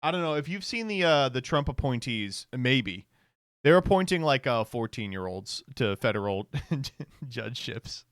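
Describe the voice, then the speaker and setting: A man's voice: medium pitch, big pitch swings, normal speed, no echo, studio quality. A man streaming casual commentary, reacting to online posts with sarcastic remarks, frequent laughter and text read aloud.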